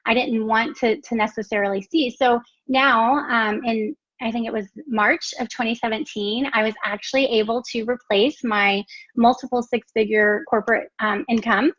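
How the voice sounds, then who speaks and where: A middle-aged woman with a fairly high voice tells her own story in an earnest, heartfelt way. She talks straight to her listeners and leans on fillers as she goes. The recording sounds somewhat dull and lo-fi. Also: fairly even intonation, moderate pace, fairly bright tone. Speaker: direct sales founder sharing her story. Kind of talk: personal testimony talk. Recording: dull lo-fi audio.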